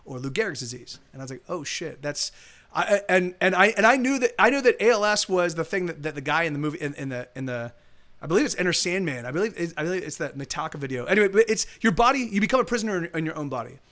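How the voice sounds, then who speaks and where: A man's voice: a little high, lively intonation, fast talker, fairly bright tone. A man from the United States telling a story casually on a live stream, rambling with many restarts and fillers. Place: home streaming setup.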